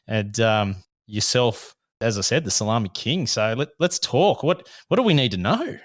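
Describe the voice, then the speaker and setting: An Australian man in his thirties, a podcast host with a voice gone rough from illness, telling a story in casual chat and laughing through it. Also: medium pitch, expressive, normal speed, no room sound, clean studio sound. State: hoarse from illness.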